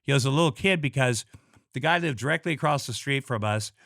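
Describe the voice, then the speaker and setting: Blunt, halting middle-aged man, dry sound. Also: mid-range voice, a bit bright, no room sound. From Iowa, USA. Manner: halting, full of restarts and repeated words; blunt, with frequent swearing. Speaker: guest. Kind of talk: personal storytelling in casual talk.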